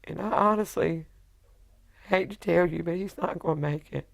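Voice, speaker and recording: A middle-aged woman, a widow giving emotional personal testimony in a halting way, full of quoted dialogue. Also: fairly low pitch, gravelly. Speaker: widow telling her story.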